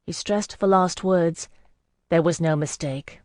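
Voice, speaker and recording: Steady fantasy audiobook narrator. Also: medium pitch, a little slow, dry recording, clean studio sound.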